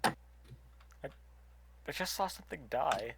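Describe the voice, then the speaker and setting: Gravelly man with wry teasing banter. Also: on the high side, animated, measured pace, noisy background. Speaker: friend on game server. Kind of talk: casual gaming chat. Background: game music.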